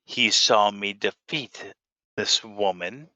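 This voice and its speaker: A man's voice: lowish voice, no echo, low-quality recording. A man playing a cold faceless Sith. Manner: slow, flat, commanding pronouncements.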